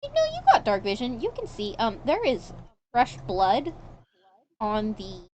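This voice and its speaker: A woman's voice: a little high, huge pitch swings, unhurried, highs cut off, a little hiss or hum. A woman running a tabletop horror campaign as game master, describing scenes with casual fillers and asides.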